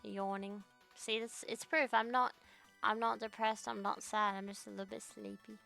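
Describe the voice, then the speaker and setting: A young Australian woman streams as a VTuber from her home computer, rambling, swearing and ranting in casual livestream chat. Her mid-range voice has vocal fry and a bright, forceful quality, delivered at normal speed in a level tone. Faint music plays behind her.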